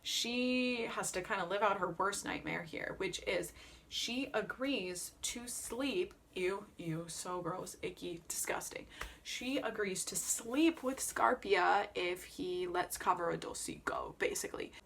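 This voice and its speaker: Playful, animated woman vlogger. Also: mid-range voice, unhurried, vocal fry, a little hiss or hum. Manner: animated, playful, emphatic, jokey asides. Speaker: Enneagram coach and opera vlogger. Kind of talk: casual vlog chat.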